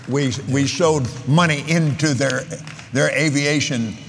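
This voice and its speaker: An older man preaching a sermon, telling stories in a slow, rambling way and counting out figures. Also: on the high side, gravelly, a little hiss or hum. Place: large convention hall. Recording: long reverb of a large hall.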